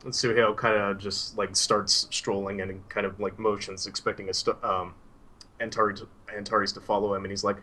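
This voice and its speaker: A man's voice: on the low side, level tone, moderate pace, sharp tone. A man narrating his part in a story game casually, with many fillers. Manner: loose, filler-heavy.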